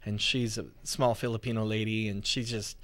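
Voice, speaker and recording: A male co-host tells stories in a relaxed, easygoing way on a casual talk show. His voice sits at a middle pitch and sounds dry and close, with no room echo. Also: normal speed. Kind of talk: casual studio chat.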